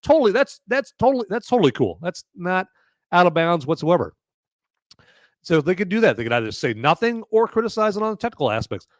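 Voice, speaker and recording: His voice sits high and comes out very animated and a touch fast, with clean studio sound and no echo. The man is hosting a live-stream podcast and reviewing a movie, rambling casually, repeating words, saying "okay?" after his points, and thanking donating viewers by name.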